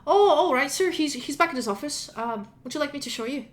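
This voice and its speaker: A woman's voice: sits high, lively intonation, brisk, pitched above the performer's own voice. Lady doing a shy young tiefling priest, stammery and polite.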